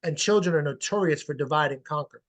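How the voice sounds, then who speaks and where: A man with a notably high voice coaching parents on a webinar call. He talks in an animated, emphatic way, blunt enough to swear casually as he makes his points. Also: fast talker. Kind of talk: webinar interview answers. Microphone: video call.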